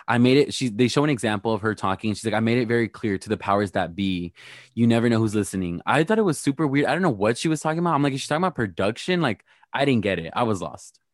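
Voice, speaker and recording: A man in a casual podcast chat, gossipy and blunt, throwing playful shade as he recaps. His voice sits at an ordinary middle pitch, recorded close and dry with no room sound. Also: expressive, very fast, dry recording. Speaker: podcast co-host recapping reality TV.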